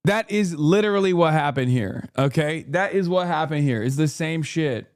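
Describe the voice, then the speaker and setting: A man hosting a live stream, reacting in casual, animated commentary with swearing and quick jokey asides. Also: a little high, no room sound, studio quality. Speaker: streamer host.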